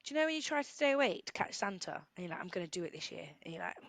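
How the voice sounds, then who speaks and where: A woman co-hosting a podcast in casual chat, playful and quick to laugh. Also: mid-range voice, big pitch swings, a bit bright, no echo. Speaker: podcast co-host.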